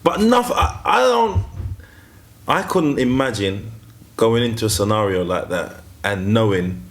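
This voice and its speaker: A man hosting a podcast, chatting casually and often cutting in with quick agreement. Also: fairly low pitch, expressive. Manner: frequent quick agreeing interjections. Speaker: podcast host. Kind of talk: casual interview chat.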